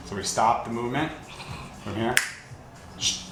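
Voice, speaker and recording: A man working as a dog trainer, giving calm commands and quick praise, shushing as he explains each step of the demonstration. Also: medium pitch. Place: indoor building with an elevator. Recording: echoey room with steady background noise.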